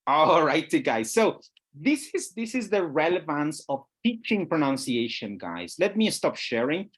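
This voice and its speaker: A teacher trainer leading an online webinar, patiently checking that participants follow. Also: medium pitch. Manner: patient, checks understanding, often says "guys". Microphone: video call.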